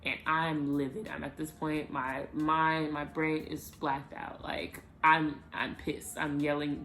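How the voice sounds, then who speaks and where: A woman vlogger telling a personal story to the camera in a casual, animated way, with emphatic bursts. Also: deep voice, slow, few pauses, soft background music.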